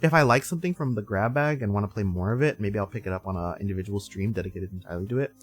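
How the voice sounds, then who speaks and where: A man's voice: lowish voice, rapid-fire, soft background music. A man in his twenties hosting a live stream, chatting casually, sleepy and rambling with frequent laughs. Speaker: streamer host.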